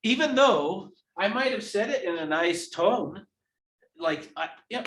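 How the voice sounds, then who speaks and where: A man's voice: high-pitched, lively intonation, measured pace, a bit bright. A man teaching a live real estate training class who acts out examples as he explains them. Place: training room. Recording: echoey room.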